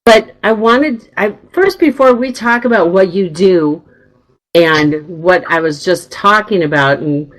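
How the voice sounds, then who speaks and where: A woman's voice: on the low side, measured pace, rough recording. Bubbly chatty woman radio host. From northern United States. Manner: bubbly, laughs often, chatty storyteller. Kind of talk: casual radio chat.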